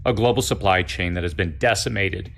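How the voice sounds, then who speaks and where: A man reading a scripted video narration in a grave, measured way. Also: deep voice, gravelly, a bit bright, a little hiss or hum. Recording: music under the voice.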